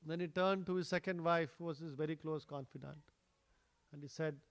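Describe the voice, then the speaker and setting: A man giving a storytelling sermon at a temple, conversational, with frequent fillers, soft chuckles and questions put to the audience. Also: fairly high pitch, steady tone, a little fast. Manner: conversational, many "you know" fillers, chuckles, quizzes the audience. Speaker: speaker at a temple.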